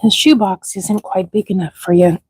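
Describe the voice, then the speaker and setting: A woman's voice: mid-range voice, unhurried, a little mellow, slightly rough, no echo, rough recording. A middle-aged woman breeding rabbits, chatting casually on a livestream and talking sweetly to the baby bunnies.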